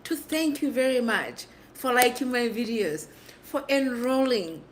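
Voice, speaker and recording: Lively, slow-spoken woman livestream host. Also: fairly high pitch, a little hiss or hum. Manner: animated, playful, laughs often. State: hoarse from screaming. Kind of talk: casual livestream chat with viewers.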